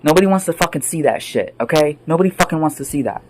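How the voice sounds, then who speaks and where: Man ranting, swearing, loud then muttering. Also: on the high side, animated, quick pace, slight background noise, rough recording. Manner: angry, sweary, rambling, jumping between loud outbursts and mutters. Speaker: vlogger. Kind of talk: profane off-the-cuff rant.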